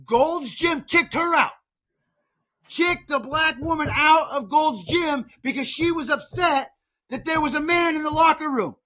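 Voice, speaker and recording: An American podcast host, a middle-aged man with an unusually high, bright voice, rants about politics at a slightly slow pace. He's heated and fired up, tripping over repeated words as he drives his point home.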